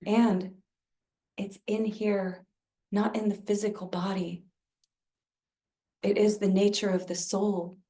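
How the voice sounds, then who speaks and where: A woman leading a spiritual service, guiding a chant-based practice in a slow, gentle way. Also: medium pitch, little pitch movement. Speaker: service leader. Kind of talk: guided spiritual practice talk. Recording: roomy sound from a distance.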